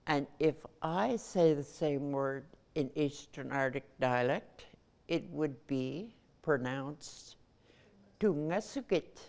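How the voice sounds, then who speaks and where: Slow low-voiced older woman. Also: vocal fry, a little mellow. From Nunavut, Canada. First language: Inuktitut. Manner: measured, pausing between phrases. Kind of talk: personal recollection.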